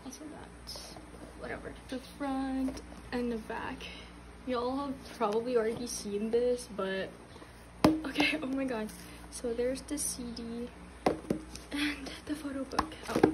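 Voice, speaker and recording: A young woman vlogging casually at home, halting and restarting, gasping and squealing with excitement. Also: high voice, noisy background. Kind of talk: casual unboxing chat. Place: home room.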